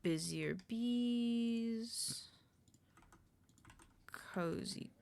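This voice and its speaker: A woman's voice: on the high side, extremely slow, vocal fry, darkish tone, slight background noise. A woman streamer in casual live-stream chat at a desk microphone, rambling, muttering lists to herself and greeting her chat.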